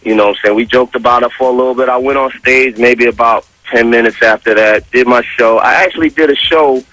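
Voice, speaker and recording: A man on a radio show, casually telling a story with animated, profane street slang. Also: medium pitch, fast talker, dry recording, poor audio. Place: radio studio.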